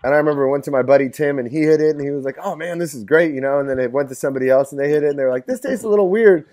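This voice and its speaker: A man's voice: a little high, very fast, darkish tone. A man in his late twenties telling a story as a podcast guest, rambling and profane with constant filler words. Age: 20s. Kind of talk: casual storytelling.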